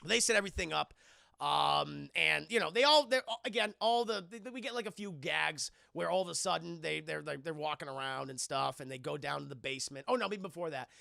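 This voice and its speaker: A man streaming a casual, profane film recap, rambling and acting out scenes in quick voices. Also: fairly high pitch, expressive, vocal fry, bright, forceful tone, dry recording, clean studio sound.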